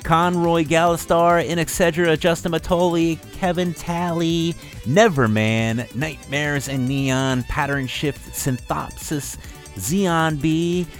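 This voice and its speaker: A man co-hosting an internet radio show in casual, rambling chat, reading out shout-outs and chuckling often. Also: fairly high pitch, steady tone, takes it slowly, faint music behind. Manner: laid-back, rambling, chuckles a lot.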